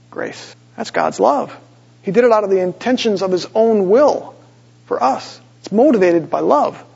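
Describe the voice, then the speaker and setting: Male Bible teacher, high gravelly voice, emphatic slow scripture reading, muffled lo-fi sound. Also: a little mellow. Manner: reads scripture slowly with rising emphasis, asks the audience questions. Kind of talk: Bible study sermon. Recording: dull lo-fi recording.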